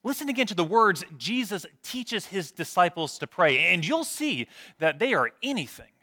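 Male pastor, slightly high, bright tone, storytelling sermon with wry humor. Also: very animated, moderate pace. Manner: storytelling, self-deprecating humor.

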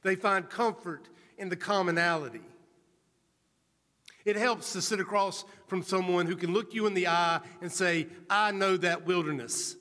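A male preacher giving an earnest sermon, telling a story in a measured, storytelling manner. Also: high voice, bright, forceful tone. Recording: reverberant hall.

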